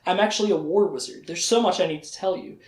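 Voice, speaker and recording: A lecturer casually quoting an earnest young male wizard hero in a slightly lower voice, in an echoey room. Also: fast talker, close to an everyday voice.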